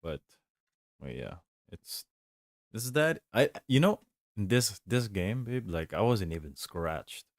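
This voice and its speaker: Deep, slow, laid-back male streamer. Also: sing-song, dry recording, clean studio sound. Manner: rambling, laid-back, chuckles often. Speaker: game streamer. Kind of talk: casual gaming stream chat.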